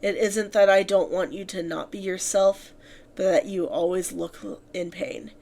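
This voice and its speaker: A woman voicing a tender male vampire reading his own letter aloud, in a gentle, earnest manner. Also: on the low side, creaky. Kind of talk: fanfiction read aloud.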